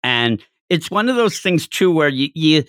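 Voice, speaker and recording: A man co-hosting a casual podcast about comics, talking with animated energy, laughing often and acting out quoted lines in a raised voice. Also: a little high, a little slow, no echo, studio quality. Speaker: podcast co-host. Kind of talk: casual chat reviewing manga.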